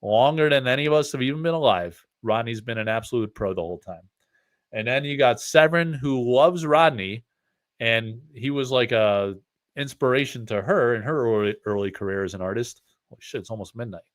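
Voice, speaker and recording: A man from upstate New York hosts a card-opening livestream, his mid-range voice moving fairly quickly. He chats casually, rambling loosely and packing his talk with fillers.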